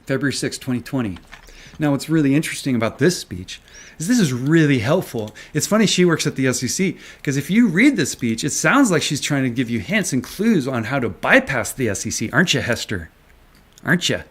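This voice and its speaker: A man's voice: mid-range voice, big pitch swings, fairly quick, slightly rough. A man ranting on a live stream, angry and sarcastic, swearing and taunting with rhetorical questions. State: agitated. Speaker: stock market commentator.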